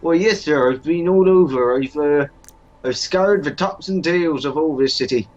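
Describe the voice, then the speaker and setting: A man's voice: a little high, normal speed, faint music behind, close to an everyday voice. A man voicing a bumbling, dim-witted male servant who stammers deferentially, on a dull lo-fi recording. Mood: eager.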